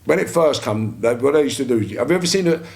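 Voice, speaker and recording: A man with a London accent, a podcast guest telling stories in a lively, swearing, casual way and acting out what people said. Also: mid-range voice, fast talker, gravelly. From London, England. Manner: animated storyteller, swears freely, acts out quoted speech. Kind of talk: casual storytelling interview.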